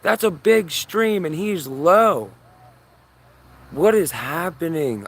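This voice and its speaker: A man streaming live outdoors from his yard on a phone camera. He comments on the sky in an urgent, excitable way and keeps repeating himself. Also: on the high side, takes it slowly. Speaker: livestreamer.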